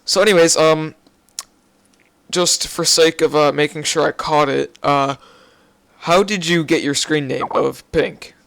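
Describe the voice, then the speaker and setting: A young man hosts a loose, jokey interview, his voice sitting a little high with a gravelly edge. He swears casually and leans on ums and uhs. The sound is dry and close to the mic. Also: fairly even intonation, a little slow, a bit bright, dry recording. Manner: crude joking banter, filler-heavy. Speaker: podcast host.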